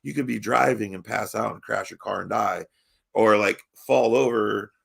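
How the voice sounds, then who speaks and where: Gravelly-voiced man telling a rambling story. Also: lowish voice, moderate pace, fairly bright tone. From Baltimore. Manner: rambling, profane, laughs often, many restarts. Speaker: podcast host. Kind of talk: casual storytelling chat.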